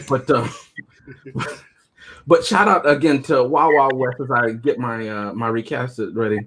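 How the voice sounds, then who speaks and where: A man's voice: mid-range voice, slow pace, pauses often, a bit bright, slight background noise. A man co-hosting a casual movie review chat, joking and chuckling often as he talks.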